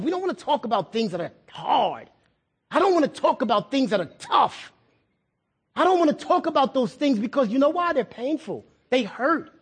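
Breathy at the edges and very high, this middle-aged male pastor's voice carries a conversational sermon in which he repeats words and asks his congregation questions.

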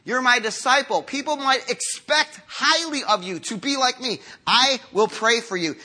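A pastor in his fifties preaches in an earnest, conversational way, dropping low for quiet lines and rising for emphatic ones. His voice sits high for a man and rings very bright. He talks to his congregation as if chatting with them. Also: normal speed. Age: 50s. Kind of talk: sermon.

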